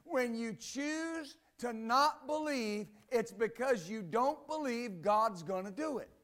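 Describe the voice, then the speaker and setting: A pastor preaches in a high, bright register, speaking slowly and expressively. He reads scripture aloud, then unpacks it with emphatic repetition, returning again and again to short phrases like "Amen" and "believe that" to drive his points home.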